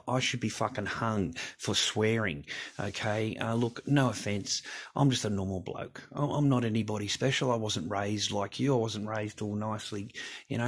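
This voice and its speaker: Blunt, husky man ranting. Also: medium pitch. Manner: blunt, rambling, heavy swearing. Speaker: vlogger. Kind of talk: casual rant to camera. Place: home garage.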